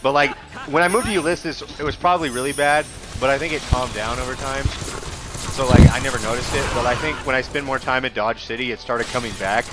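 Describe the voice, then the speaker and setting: A man's voice: medium pitch, fairly even intonation, fast, heavy background noise. Crude Southern-accented young gamer guy. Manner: crude, joking banter. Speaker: streamer. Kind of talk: casual chat while gaming. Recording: game music loud behind. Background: game music.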